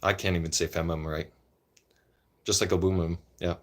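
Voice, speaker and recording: Guy, lowish voice, rambly opinionated rant, keeps saying right?. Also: level tone, a little fast. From Canada. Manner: rambling, opinionated, repeats himself, frequent "right?". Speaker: vlogger. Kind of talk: casual political rant.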